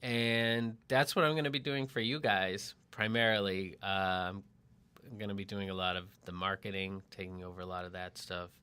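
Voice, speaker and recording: A middle-aged man from Massachusetts chatting casually on a podcast from a home barn studio, animated and self-deprecating, with frequent restarts. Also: low-pitched, moderate pace, clear, resonant tone. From Lexington, Massachusetts. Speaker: podcast co-host, marketing writer.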